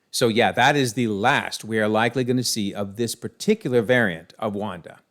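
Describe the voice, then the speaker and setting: A man giving a chatty, animated recap of a comic series as casual video commentary. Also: on the low side, fairly quick, few pauses.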